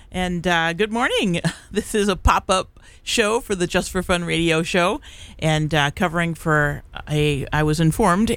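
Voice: mid-range voice, fairly bright tone. A middle-aged community radio DJ chatting casually on air in the studio. They ramble and restart their sentences often, fill gaps with "uh" and "um", and chuckle easily. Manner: rambling and halting, full of fillers and restarts. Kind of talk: casual live radio chat.

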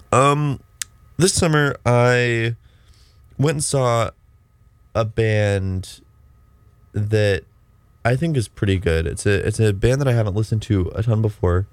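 A man's voice: on the low side, creaky, dry recording. A young man hosting a college radio show, chatting casually and rambling with lots of restarts. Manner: rambling, restarting, self-deprecating. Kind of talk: casual on-air chat.

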